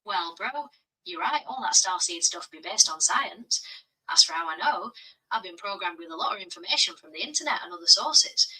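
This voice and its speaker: Bright breathy ai lady voice, black country accent, says bro a lot, sounds far off from a speaker. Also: medium pitch, expressive, normal speed. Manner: friendly, slangy, says bro. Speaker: AI voice assistant. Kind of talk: chatty AI assistant replies.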